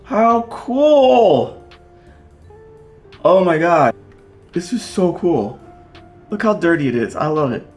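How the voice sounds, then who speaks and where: A man hosting a casual vlog as he unboxes vinyl records, excitable and gushing, swearing often. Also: on the high side.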